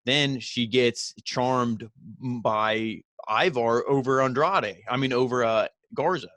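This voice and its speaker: A man's voice: medium pitch, slow, a bit bright, no room sound. A man giving a casual, rambling recap of a wrestling show, full of fillers and the odd swear word.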